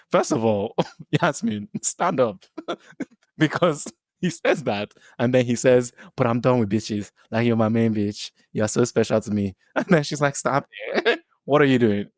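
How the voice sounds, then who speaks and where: A man's voice: medium pitch, no room sound. A man co-hosting a podcast, chatting animatedly about a TV episode, often laughing and acting out quotes. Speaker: podcast co-host. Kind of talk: casual TV recap chat.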